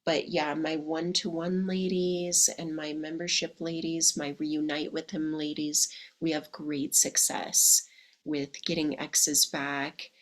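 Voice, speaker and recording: Chatty husky woman coach, slow and low. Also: level tone. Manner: chatty, calls listeners "my darlings" and "ladies". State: slightly hoarse from illness. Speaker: dating coach. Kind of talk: casual podcast monologue. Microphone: podcast microphone.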